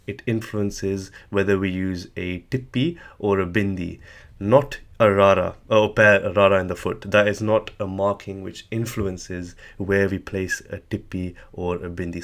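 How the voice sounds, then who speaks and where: Guy with a lowish voice doing a patient tutorial, stops to fix himself a lot. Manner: patient, correcting himself as he explains. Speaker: language teacher. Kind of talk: tutorial explanation.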